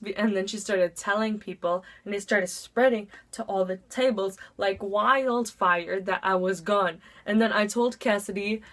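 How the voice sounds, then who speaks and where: A teenage girl telling a storytime vlog story. She talks in a chatty, breathless rush, fills it with "like", and jumps into dramatic voices for the big moments. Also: mid-range voice. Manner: dramatic voice swings into acted quotes. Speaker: vlogger.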